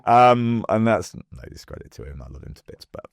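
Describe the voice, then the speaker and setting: A man from England, a guest in a casual interview, telling stories in a lively way and acting out the voices of people he quotes. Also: lowish voice, brisk, vocal fry, no echo. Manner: lively storyteller who acts out quoted voices. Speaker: podcast guest.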